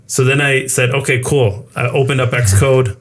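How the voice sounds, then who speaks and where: Animated man telling a tech story. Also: mid-range voice, normal speed, slight background noise. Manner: animated storyteller, acts out his own reactions. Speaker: co-host, new media professor. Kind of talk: casual podcast chat.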